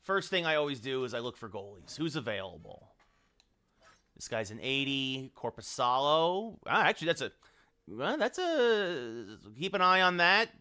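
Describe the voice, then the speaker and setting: A man's voice: mid-range voice, sing-song, normal speed, sharp tone, clean tone. A man streaming a hockey game late at night, rambling and thinking aloud as he scrolls through players and chats with his viewers. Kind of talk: live game-stream commentary.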